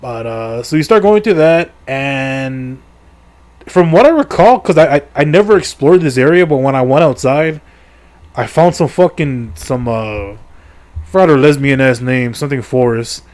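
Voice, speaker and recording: Crude jokes, profanity and constant fillers mark this middle-aged video creator's casual, rambling retelling of a game story. He talks at normal speed in an expressive medium-pitched voice with a darkish tone.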